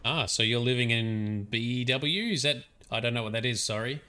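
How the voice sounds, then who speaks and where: A young Australian man hosts a let's play, chatting playfully and laughing often as he comments on the game. His mid-range voice is smooth yet sharp in tone, at a moderate pace.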